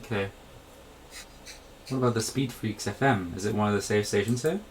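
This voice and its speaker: A man's voice: fairly low pitch, a little fast, slight background noise. A man chatting casually while playing a game on a live stream, giggly, jokey and playful.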